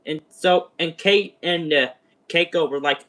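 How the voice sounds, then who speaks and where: A young man casually reviewing a show on a livestream, excitable and rambling like an eager fan. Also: fairly high pitch, unhurried.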